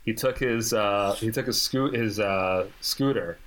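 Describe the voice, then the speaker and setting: A man telling a long story in casual chat, animated and sarcastic, acting out the people he quotes. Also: fairly low pitch, a little slow. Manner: animated, acts out quoted voices, jokey and sarcastic.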